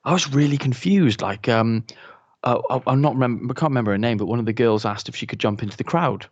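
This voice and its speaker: Man, mid-range pitch, casual chat, chiming in with jokes, muffled lo-fi recording. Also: fast, darkish tone. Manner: chatty, chiming in with jokes and memories of games. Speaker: podcast co-host. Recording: dull lo-fi recording.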